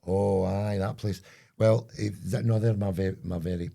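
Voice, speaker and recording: A man's voice: fairly low pitch, fairly even intonation, moderate pace, vocal fry, dark tone. A Scottish man co-hosting a podcast, chatting in a joking, rambling way. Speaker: podcast co-host. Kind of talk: casual chat.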